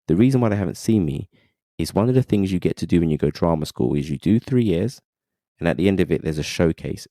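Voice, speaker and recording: A man, a podcast guest telling his story in animated casual talk, often saying "you know what I mean". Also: rumbling low, no echo, studio quality. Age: 30s.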